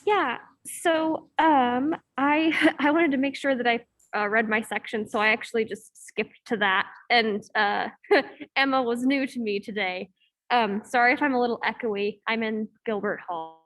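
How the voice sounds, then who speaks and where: Over a video call, a young female student leads a class discussion in a fairly high, fairly bright voice, speaking unhurriedly. She sounds hesitant, filling her speech with lots of "um"s and "like"s. She's in an echoey room in a campus hall.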